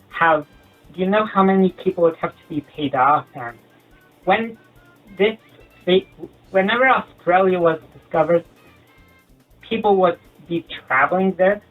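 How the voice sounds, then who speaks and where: A comedy youtuber rambling through a sarcastic, animated monologue. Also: medium pitch. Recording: tinny lo-fi sound with faint music.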